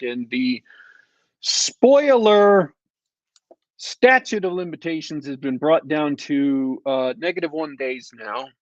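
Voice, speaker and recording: A man reviews a show on a podcast he co-hosts, speaking slowly and at length with a sardonic, meandering style and plenty of ums and uhs. His voice sits fairly high. The recording is dry and slightly muffled, like an ordinary home microphone, and the tone is casual chat.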